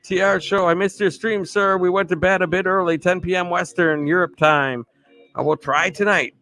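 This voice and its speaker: A man's voice: high voice, fairly even intonation, moderate pace, sharp tone, soft background music. A man hosting a live stream, greeting viewers by name in an upbeat, chatty way and laughing often. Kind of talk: casual live stream shout-outs.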